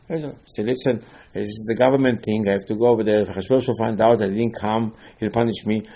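A man's voice: lowish voice, steady tone, quick pace, warm tone, breathy edge. Man giving an emphatic Torah lecture. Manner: emphatic, repetitive, asks and answers his own questions, broken English phrasing. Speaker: rabbi teaching Torah.

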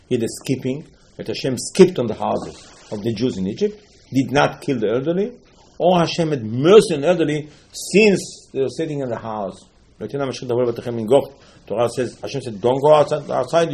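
Animated man telling Talmud stories. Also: medium pitch. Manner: animated storyteller, repeats phrases, mixes Hebrew terms. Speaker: rabbi teaching Talmud. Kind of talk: storytelling Torah class.

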